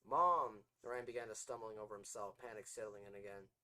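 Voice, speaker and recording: A low-voiced man reads his own novel aloud on his podcast. His narration is plain and even, with a few stumbles and self-corrections along the way. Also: fast talker, low-quality recording. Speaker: podcast host and author.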